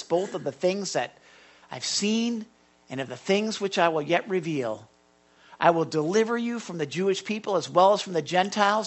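A pastor preaching a sermon, emphatic, often urging the listeners to listen and reading scripture aloud. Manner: rises and falls sharply in pitch and loudness.

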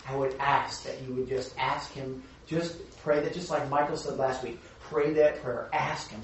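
Hoarse, raspy man preaching in a hall. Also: medium pitch, moderate pace, a little hiss or hum. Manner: earnest, conversational preaching with many fillers. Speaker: pastor. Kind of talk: sermon. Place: church hall. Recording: echoey hall from a distant mic, dull.

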